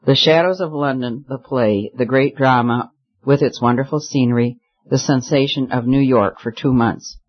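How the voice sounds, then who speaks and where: A careless, petulant young society woman, voiced by a man reading aloud who is bored with everything. The delivery sits at an ordinary middle pitch. The recording is slightly muffled. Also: normal speed, natural voice.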